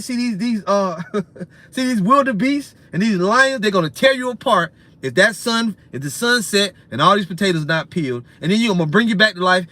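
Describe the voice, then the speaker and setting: Man, high voice, ranting preacher, profane, repetitive, uneven pace. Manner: loud ranting with frequent "man" tags; profane, repetitive, swings in loudness and speed. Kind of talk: ranting sermon.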